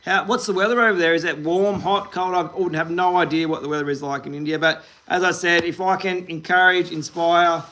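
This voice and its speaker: Bright-voiced upbeat Australian man. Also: sits high, fairly even intonation, brisk, few pauses, a little hiss or hum. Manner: upbeat, rambling, talks to viewers by name. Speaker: fishing livestream host. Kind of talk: casual live-stream chat reading comments.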